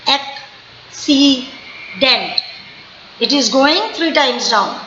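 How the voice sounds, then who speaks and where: A woman with an Indian English accent teaching spoken English, repeating each word slowly several times. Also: high-pitched, bright, forceful tone, slight background noise. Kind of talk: online spoken English lesson. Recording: echoey room, dull lo-fi sound.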